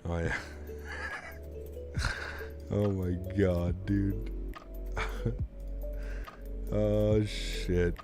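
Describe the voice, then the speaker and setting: A man's voice: deep voice, little pitch movement, slow, over music. A man chatting casually on his live stream, reacting with laughter and disbelief.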